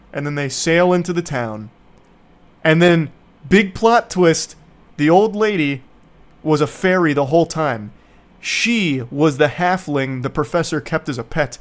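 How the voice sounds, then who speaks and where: A man's voice: a little high, measured pace. A young man streaming, casually recapping a bad movie to his viewers in a sarcastic, profane, rambling way.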